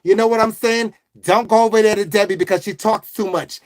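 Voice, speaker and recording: A man's voice: high-pitched, fairly even intonation, a little fast, natural voice. A man putting on an Italian-American accent, playing a pushy, gossipy diner waitress who runs down her coworkers. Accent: put-on Italian-American.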